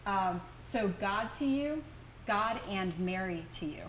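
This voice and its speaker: An American woman leads a small indoor class, patiently walking her students through each sound and inviting them to repeat it. Her voice sits at a middle pitch, with a faint hum of noise in the room behind her. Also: expressive, slow. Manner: patient, explains sounds step by step. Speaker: language workshop teacher. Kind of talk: teaching a class.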